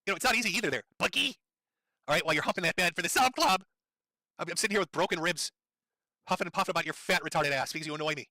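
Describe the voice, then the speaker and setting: A man with a high, sharp, cutting voice, ranting fast and furiously on a live stream. His delivery is profane and sarcastic, swinging wildly up and down in pitch, and his throat sounds strained from yelling. The sound is dry and close. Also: very animated, no echo.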